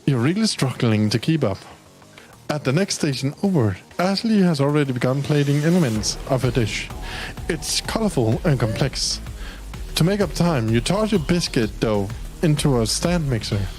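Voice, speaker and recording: A man's voice: mid-range voice, lively intonation, normal speed, a little mellow, faint music behind, low-quality recording. A young man from Denmark streams a dating game, reading its text aloud in a casual, playful way and now and then swearing. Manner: casual and playful, swears, talks to his pet. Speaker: gaming streamer.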